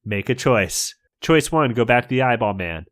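A man's voice: medium pitch, expressive, normal speed, a bit bright. A man reading a choose-your-own-adventure book aloud to friends as game master, playful and joking.

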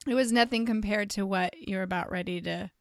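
A woman's voice: medium pitch, fairly quick, no echo, studio quality. A woman hosting a podcast, a nurse, bubbly and laughing often as she talks with her guest. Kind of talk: faith podcast conversation.

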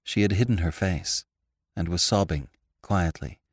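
A man narrating a classic story for a podcast in a measured, expressive storytelling manner. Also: deep voice, no echo, clean studio sound. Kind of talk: audiobook narration of classic fiction.

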